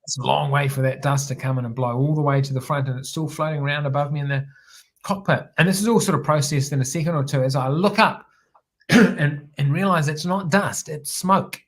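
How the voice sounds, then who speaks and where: Here a middle-aged ex-helicopter pilot from New Zealand, judging by his accent, recounts a story on an interview show. His voice is fairly high and a little fast, and his relaxed telling wanders, with frequent restarts and repeated words.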